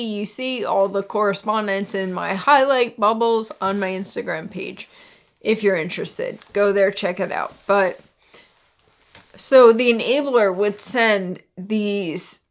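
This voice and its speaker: A young woman talking candidly to camera in a personal vlog, with lots of fillers and sarcastic asides. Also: mid-range voice. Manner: candid, frequent "like" and "you know", sarcastic asides. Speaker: vlogger.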